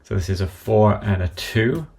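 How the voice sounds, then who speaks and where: Low gravelly man talking through keystrokes. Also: animated, moderate pace, darkish tone. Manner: methodical, calling out keystrokes step by step. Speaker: software tutorial presenter. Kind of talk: screen-recorded software walkthrough.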